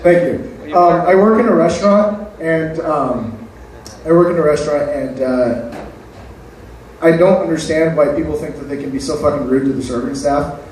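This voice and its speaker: Brief: male open-mic comic, slightly high voice, crude self-mocking jokes, recorded from far back with faint room hum. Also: moderate pace, a little mellow, very echoey. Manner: crude, self-deprecating punchlines. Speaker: stand-up comedian. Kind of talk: open-mic stand-up set. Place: open mic night venue.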